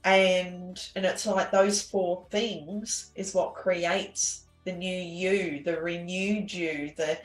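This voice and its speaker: Slow, low-voiced woman in an echoey room. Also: fairly even intonation. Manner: earnest and halting, with many restarts and fillers. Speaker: interview guest. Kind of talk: personal story in an interview. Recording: echoey room with faint music.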